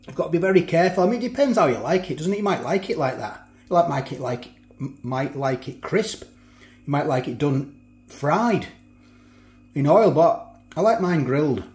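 A man's voice: fairly high pitch, expressive, normal speed, darkish tone, roomy sound. A man chatting casually as he cooks and tastes food in a home kitchen. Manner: chatty, talks while chewing, frequent restarts. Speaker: food reviewer. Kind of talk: casual food review vlog.

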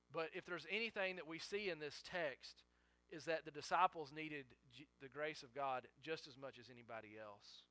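A man's voice: on the high side, sharp tone, dry recording. A male pastor preaching a sermon in an earnest way, acting out the quotes he reads and often correcting himself mid-sentence.

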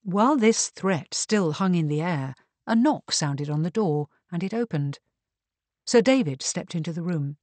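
A woman narrating a historical mystery audiobook in an even, measured reading. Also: lowish voice, no room sound. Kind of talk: scripted narration.

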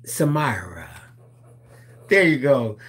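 A man's voice: medium pitch, sing-song. A man, co-hosting a casual chat as he reads get-well cards, joking and laughing as he talks. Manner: joking, laughing, drawn-out storytelling. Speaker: co-host.

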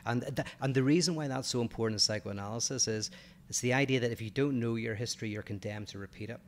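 A man with an Irish accent co-hosting a podcast, explaining philosophical ideas in a measured, patient way. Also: mid-range voice. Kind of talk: casual explanatory chat.

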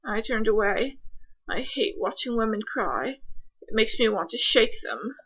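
A woman's voice: fairly high pitch, animated, measured pace, fairly bright tone, husky. A woman reading a short story aloud, narrating dryly and voicing each character. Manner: voices each character, dry wry narration. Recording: dull lo-fi recording.

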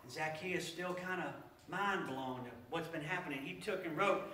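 A male pastor telling a story in a sermon, animated and repeating his words as he goes. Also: a little high, normal speed, slight background noise. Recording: echoey church from far off.

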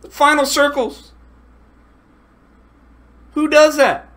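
A man's voice: very high voice, fairly even intonation, takes it slowly, a bit bright. A man streaming a game with friends, ranting with lots of swearing over a headset. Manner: profane, agitated ranting. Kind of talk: casual gaming chat.

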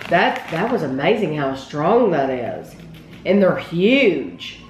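A woman's voice: low-pitched, sing-song, slow pace. Chatty woman host in a food-tasting video, talking to viewers; roomy indoor sound, faint hiss. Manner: chatty, addresses viewers directly. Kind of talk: casual food tasting chat. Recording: roomy with faint background noise.

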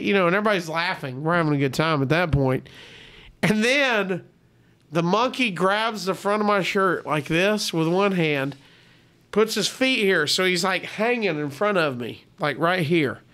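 High-voiced man telling a wild story. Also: moderate pace, smooth. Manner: animated, acts out quoted voices. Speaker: podcast guest. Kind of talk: storytelling on a comedy podcast.

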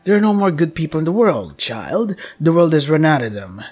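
A man voicing a cold, controlling mother in a game, speaking slowly in a low, stern, lecturing way. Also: sing-song, a little mellow, husky, faint music behind. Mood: coldly lecturing. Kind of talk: voicing a visual novel character.

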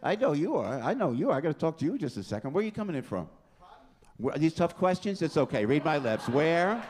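A man, hosting a live stand-up show and chatting loudly with the audience. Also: on the high side, very animated, fast talker. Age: 60s. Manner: brash, loud, chatty with the audience. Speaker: comedy show host. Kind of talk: stand-up crowd work. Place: packed comedy club stage. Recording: live club with crowd noise.

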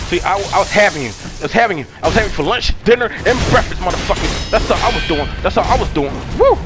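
A man, hosting a gaming channel and yelling, cursing and cheering through live gameplay commentary. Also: high voice, animated, fast, hardly any pauses, over music. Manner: loud, cursing, shouting at the game.

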